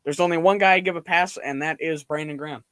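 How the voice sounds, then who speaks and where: A man's voice: a little high, fairly even intonation, fast, fairly bright tone, clear, resonant tone, no room sound. A man hosting a casual sports stream, laughing easily and reacting to plays as they happen. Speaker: stream host.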